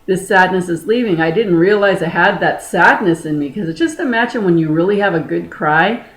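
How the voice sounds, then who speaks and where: A woman's voice: on the low side, normal speed, echoey room, poor audio. A woman energy healer giving a frank, emphatic motivational talk in a casual, blunt manner.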